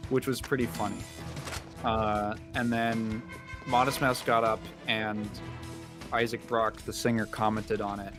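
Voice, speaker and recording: A man's voice: on the low side, level tone, unhurried, over music. A man hosting a gaming stream, rambling through a casual story with lots of fillers. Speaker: streamer host. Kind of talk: casual chat while gaming.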